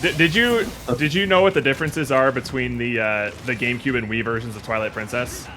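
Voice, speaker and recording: A man's voice: mid-range voice, a little fast, pushed and bright, slight background noise. A man streaming a game and chatting casually, opinionated and rambling with lots of fillers. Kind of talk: casual gaming chat.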